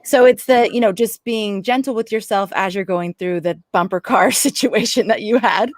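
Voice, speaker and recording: A woman's voice: medium pitch, moderate pace, no echo, clean studio sound. A woman hosting a podcast, reflecting on her guest's story in an encouraging, casual way. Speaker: podcast host. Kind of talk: casual interview chat.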